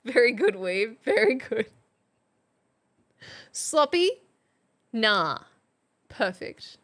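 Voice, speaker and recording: Woman streamer, young adult, unhurried and fairly high, reads chat aloud with frequent laughs. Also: sing-song, a bit bright. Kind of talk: casual live-stream chat.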